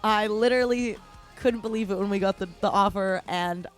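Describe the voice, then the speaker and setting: A woman's voice: mid-range voice, a little fast, soft background music. A woman, a band's lead singer, chatting in an interview and telling stories with frequent laughs. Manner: chatty, laughs often, lively storytelling. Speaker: band vocalist guest. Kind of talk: casual interview chat.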